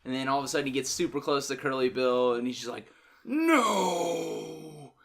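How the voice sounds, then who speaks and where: A man co-hosting a movie podcast, retelling a favorite scene in an animated way with casual swearing. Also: mid-range voice, very fast. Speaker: podcast co-host. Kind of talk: casual movie review chat.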